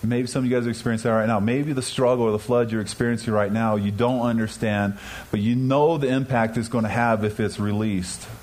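A man's voice: medium pitch, steady tone, a little fast, darkish tone, slight background noise, poor audio. Earnest man giving a personal testimony. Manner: earnest, confessional storytelling, addresses listeners directly; acts out his own and others' words in dialogue. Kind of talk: testimony sermon to an audience.

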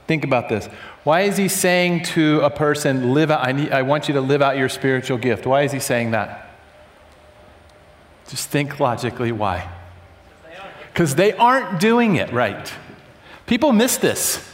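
A man's voice: a little high, animated, measured pace. A man leading an interactive church teaching session, questioning the audience, repeating their answers and leading prayer. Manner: conversational, asks the room questions, repeats answers back. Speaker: church workshop leader. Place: large hall with audience and box seats. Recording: echoey hall.

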